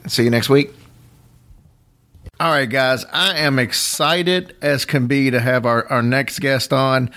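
A man hosting a podcast, telling a story in casual chat with lively asides and chuckles. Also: medium pitch. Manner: animated, quick asides and chuckles. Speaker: podcast host.

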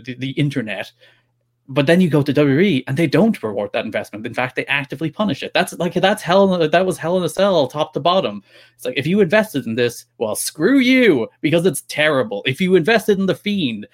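A man co-hosting a casual wrestling podcast, talking in an animated, rambling, opinionated way. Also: mid-range voice. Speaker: podcast co-host.

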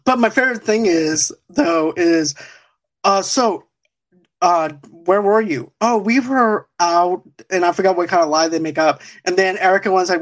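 A man's voice: sits high, normal speed. A man hosting a podcast, reviewing a TV show in casual chat, rambling and laughing often. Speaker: podcast host.

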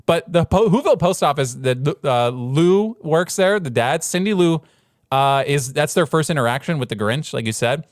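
A podcast co-host chats casually about movies, animatedly impersonating other people in put-on voices and laughing often. His voice is on the high side at a normal speed, with studio quality and no echo.

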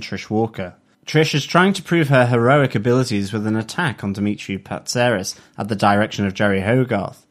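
A man hosting a TV review podcast who reads out an episode synopsis in a steady, measured way. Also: medium pitch. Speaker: podcast host. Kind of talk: casual review chat and read synopsis.

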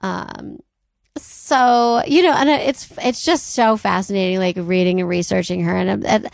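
Gravelly-voiced woman podcast co-host. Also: medium pitch, a little slow, no echo. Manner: animated storyteller, reads notes with wry asides. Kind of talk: casual history podcast chat.

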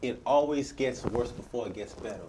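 Male interview host, mellow tone, encouraging and repetitive. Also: medium pitch, moderate pace, slight background noise. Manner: encouraging, repeats phrases for emphasis.

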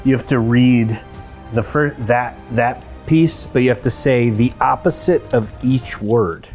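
A man's voice: mid-range voice, a little slow, a little mellow, faint music behind. A man hosting a comedy podcast, upbeat as he runs party games and scores the players. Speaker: host.

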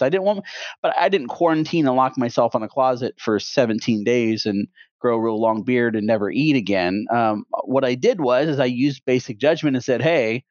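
A man's voice: mid-range voice, no room sound. A man in his thirties co-hosting a podcast, talking casually with a rambling, opinionated manner and many restarts. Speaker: podcast co-host. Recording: dull, dry podcast audio.

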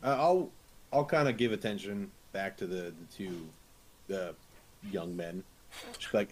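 A man's voice: low-pitched, unhurried, pauses often, a little mellow, slight background noise. A man playing a tabletop game, talking bluntly and matter-of-factly in character.

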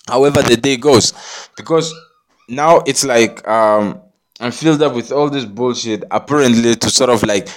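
A man rambling to his viewers in a preachy monologue, repeating himself and often asking if they understand him. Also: medium pitch. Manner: rambling, repetitive, preachy, swears, keeps asking "you understand me?". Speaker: vlogger.

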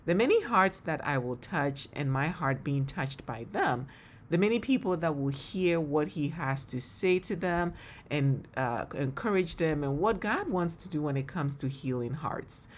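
A woman with a Ghanaian accent speaks on her solo faith podcast in a low, full voice. Her talk is earnest and heartfelt, and she laughs often as she reflects. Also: animated, a little slow, a little hiss or hum. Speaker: podcast host and ministry leader.

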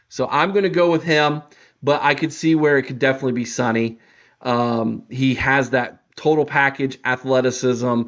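A man hosts a sports podcast in a loose, conversational way, pausing on fillers and restarting his sentences. His voice is mid-pitched, and the recording has a slightly dull, lo-fi sound. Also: a bit bright. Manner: hesitant, many fillers and restarts. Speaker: podcast host. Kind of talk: casual sports podcast chat.

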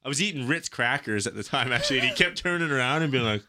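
A man's voice: medium pitch, quick pace, noisy background. A young adult man on a podcast, telling a story in casual chat, swearing freely and acting out the people in it. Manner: profane, animated storyteller.

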